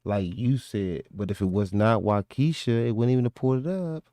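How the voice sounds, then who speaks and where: A man in a casual, profane chat, arguing loudly and cursing freely. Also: fairly low pitch, lively intonation, a little fast, no echo. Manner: loud, profane, argumentative. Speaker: stream host.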